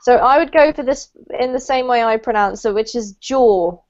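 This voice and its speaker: A woman teaching English pronunciation to a group over a video call, clear, deliberate and encouraging. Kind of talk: online group pronunciation lesson. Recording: muffled low-fidelity video call audio.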